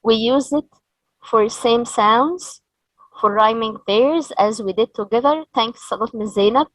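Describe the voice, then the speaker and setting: A woman from Egypt leads a training session for teachers, speaking slowly with a somewhat high voice. She spells out each point and models words and rising or falling intonation for her listeners. The sound is close and dry. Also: no room sound, poor audio. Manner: slow, explanatory, models sounds and tones.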